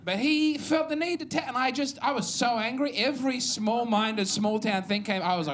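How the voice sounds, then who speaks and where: A man's voice: high voice, moderate pace, few pauses, a crowd in the background. A man from Adelaide with an Australian accent, performing a stand-up comedy set on a club stage, wry and self-deprecating with bursts of mock outrage.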